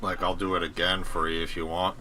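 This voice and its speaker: Host gamer, low but bright, sharp-edged voice, chatty trivia talker. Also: male voice, little pitch movement, a little fast. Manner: chatty movie-trivia rambling. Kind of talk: casual gaming voice chat.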